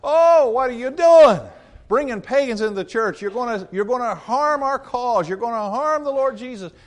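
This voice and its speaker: A man putting on shrill scandalized churchmen. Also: animated, moderate pace. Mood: alarmed. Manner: shrill, outraged, exclaiming. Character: indignant early male church members, scandalized.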